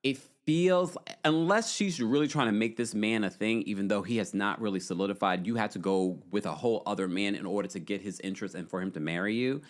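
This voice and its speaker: A man's voice: lowish voice, a little fast, hardly any pauses. A man hosting a casual recap podcast, chatty and opinionated, reading comments from a live chat and often breaking into laughter. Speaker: podcast host.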